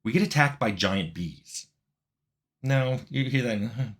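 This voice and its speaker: A middle-aged man casually telling a funny anecdote in a relaxed, wry way, sometimes laughing as he goes. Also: medium pitch, slow. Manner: relaxed, wry, laughs at his own story. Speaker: game developer telling a story.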